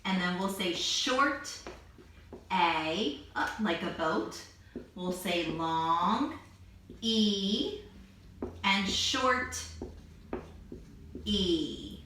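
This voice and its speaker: A woman teacher giving a phonics lesson to young children, slowly sounding out each vowel and letter. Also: medium pitch, animated, bright, forceful tone, slight background noise. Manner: slow, drawn-out sounding of letters. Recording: echoey room, distant mic.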